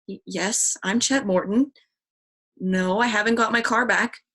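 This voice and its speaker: A woman's voice: mid-range voice, fairly even intonation, a little slow, a bit bright. A woman reading the part of a stout, jumpy teenage boy who stammers when scared, in a storybook reading. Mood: frightened.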